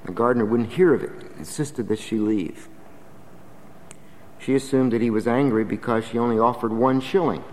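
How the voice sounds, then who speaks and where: A man's voice: mid-range voice, normal speed, pauses often, a little mellow, long reverb tail, a little hiss or hum. A man preaching a sermon in an earnest, emphatic, exhorting manner.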